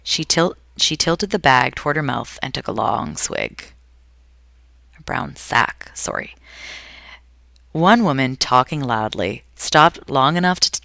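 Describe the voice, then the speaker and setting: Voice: mid-range voice, vocal fry, sharp tone, no room sound, clean studio sound. A reader reading a novel aloud, with frequent slips and self-corrections. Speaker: audiobook reader.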